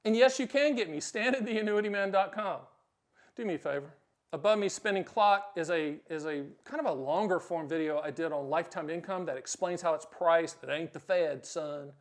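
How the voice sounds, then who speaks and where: A middle-aged man with a notably high-pitched voice hosts a direct-to-camera explainer. He talks bluntly in short, punchy sentences and throws in sudden loud bursts of emphasis. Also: brisk. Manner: acts out short quoted exchanges. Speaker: host.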